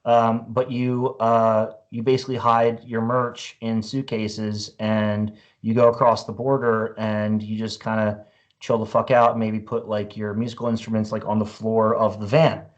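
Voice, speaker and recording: A man's voice: lowish voice, level tone, a little slow, lo-fi sound. A man in his forties, a guest musician, telling a story in a casual, profane way full of "like" and "you know.".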